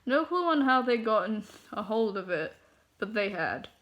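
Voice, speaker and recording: A woman's voice: a little high, sing-song, normal speed, a bit bright. A woman reading fanfiction aloud, flustered, stumbling over words and laughing through her asides. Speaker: fanfiction reader.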